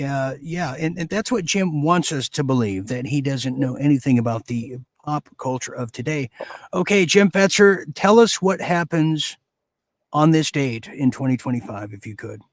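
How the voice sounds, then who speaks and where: A man hosting a mock quiz show, joking in a hammy, deadpan way with lots of fillers and pauses. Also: a little high, no echo. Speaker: game show host.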